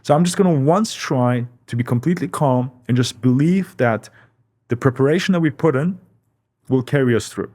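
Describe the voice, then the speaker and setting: A man's voice: mid-range voice, normal speed, darkish tone. Man telling a founder's story. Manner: reflective storytelling, repeats words for emphasis. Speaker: company founder, podcast guest. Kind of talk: casual interview talk.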